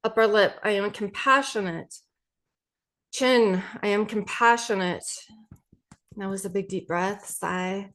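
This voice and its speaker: A woman hosting her own podcast as a mindset coach, gently leading a tapping session and repeating affirmations with many pauses. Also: mid-range voice. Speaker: podcast host and EFT coach.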